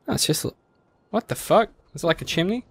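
A man playing a video game and chatting casually with a friend, excitable and quick to swear. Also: high-pitched. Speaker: game player. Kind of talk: casual gaming chat.

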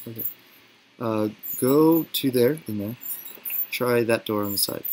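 A man's voice: medium pitch, unhurried, darkish tone, a little hiss or hum, low-quality recording. A man watching a friend play a game, teasing him and laughing often in casual chat.

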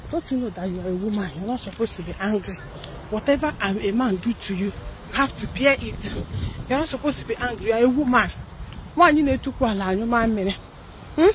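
A woman's voice: mid-range voice, a little hiss or hum, low-quality recording. A young Nigerian woman giving a sarcastic gossip commentary, firing off mocking rhetorical questions. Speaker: celebrity gossip vlogger. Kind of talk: satirical commentary vlog.

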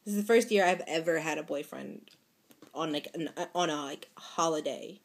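A young woman with a light drawl talks casually to her camera, rambling and giggling, with plenty of fillers and restarts. Her voice sits a little low for a woman. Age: young adult. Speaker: vlogger.

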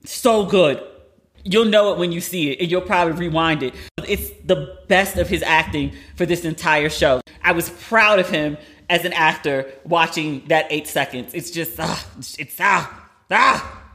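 A woman hosting a podcast, giving a blunt, animated recap of a TV episode in casual chat and swearing freely. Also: low voice, normal speed. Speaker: podcast host.

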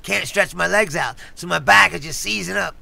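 Gravelly, bright-voiced man rambling through a story. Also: high-pitched, moderate pace. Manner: rambling storyteller who keeps laughing and swearing. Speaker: podcast co-host telling a story. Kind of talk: casual comedic podcast chat. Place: studio.

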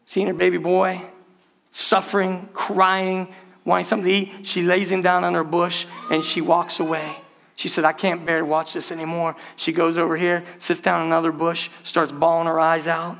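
High, bright-voiced male pastor preaching. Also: normal speed, creaky. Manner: animated storytelling, addresses congregation as "church". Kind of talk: sermon.

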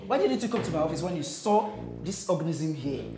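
A woman's voice: low voice, lively intonation, a little fast, reverberant, over music. A woman, playing an exasperated, scolding school principal in a comedy skit.

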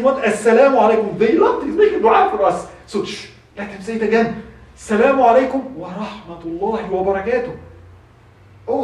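A man giving a sermon, telling a story with lively acted quotes. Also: high voice. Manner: animated storyteller, voices quoted speech, laughs. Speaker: khutbah speaker. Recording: echoey hall from far off.

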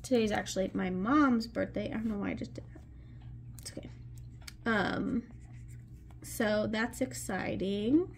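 A woman's voice: medium pitch, a little slow, gravelly, long pauses, a little hiss or hum. A woman vlogging at her desk at home, chatting casually while counting cash aloud under her breath with little asides. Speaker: budgeting vlogger.

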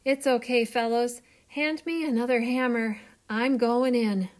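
A woman's voice: a little high, fairly even intonation, measured pace, darkish tone, pitched above the performer's own voice, lightly acted. A woman reading aloud, voicing a strong, brave working man who drives steel, in an earnest, determined manner. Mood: tired.

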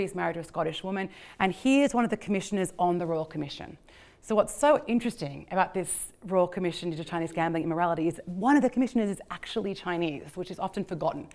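A woman giving an illustrated history lecture in a conversational way, with frequent fillers and repeated words. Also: on the low side. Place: lecture venue.

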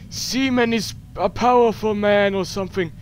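A man's voice: high-pitched, slow pace, a little hiss or hum. A young man commenting to himself while playing a horror game, joking and swearing between jumpy moments. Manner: talks to himself, swears, jokes, screams at scares. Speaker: gameplay commentator. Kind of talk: horror let's play commentary. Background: game music.

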